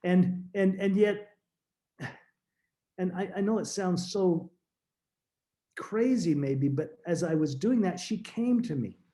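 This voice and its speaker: Earnest, halting man with a mellow voice. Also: high-pitched. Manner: earnest, halting with frequent restarts. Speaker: podcast guest. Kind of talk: emotional personal storytelling.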